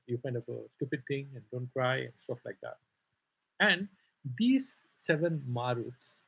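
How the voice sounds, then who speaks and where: Gravelly Indian man teaching scripture. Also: mid-range voice, dull audio. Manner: explanatory and digressive, many "sort of" hedges. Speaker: Vedanta teacher. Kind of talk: scripture class lecture.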